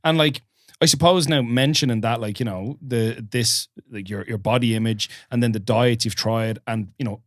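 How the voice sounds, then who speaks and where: A man hosting a podcast, chatting in a relaxed, reflective way and thinking aloud with some casual swearing. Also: medium pitch, moderate pace, dry recording, studio quality. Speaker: podcast host.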